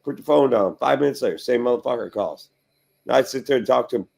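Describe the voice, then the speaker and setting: Gravelly, ranting middle-aged man. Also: medium pitch, quick pace. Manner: profane, ranting, animated storytelling. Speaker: garage show host. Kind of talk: casual livestream chat.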